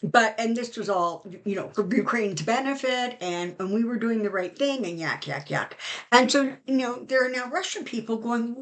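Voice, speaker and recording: A woman's voice: on the high side, lively intonation, moderate pace, a bit bright. A middle-aged woman tarot reader talking casually and with strong opinions, full of fillers, as she reads cards for her channel. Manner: chatty, opinionated, many fillers. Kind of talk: casual channel talk with card reading.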